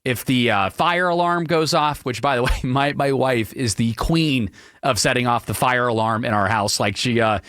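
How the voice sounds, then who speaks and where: A man hosting a radio talk show alone, ranting in an opinionated, animated way about everyday gripes. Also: moderate pace, no echo, studio quality. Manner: animated, ranting, mocks people in high silly voices. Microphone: studio microphone.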